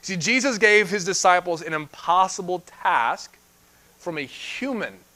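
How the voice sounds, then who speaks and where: An animated young man delivers a sermon, his voice pitched high for a man and bright with a forward edge. He laughs often and slips into quick voices for the people in the story. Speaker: pastor.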